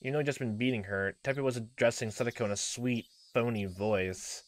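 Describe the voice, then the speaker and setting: A man reads a visual novel aloud as a let's play narrator, restarting lines and laughing into joking asides. His voice is medium-pitched, middling and a little fast.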